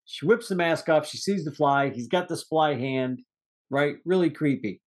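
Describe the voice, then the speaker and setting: This man, co-hosting a podcast, speaks at a moderate pace in a voice on the high side. He's animated and rambling as he casually reviews an old movie, with some casual swearing.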